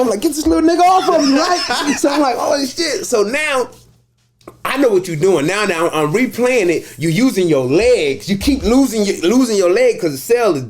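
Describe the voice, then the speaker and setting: A man telling a story from prison in casual chat, acting out the voices of people in it and getting loud and laughing as it builds. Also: high-pitched. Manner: acts out voices in his story, gets loud and laughing at the climax.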